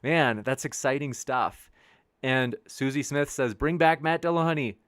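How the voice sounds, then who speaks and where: A man's voice: mid-range voice, a little slow, fairly bright tone, dry recording, clean studio sound. Upbeat rambling man hosting a live stream. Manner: rambling and upbeat, with many restarts. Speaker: debate show host. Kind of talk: casual live-stream chat, reading viewer comments. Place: home studio with a backdrop sheet behind.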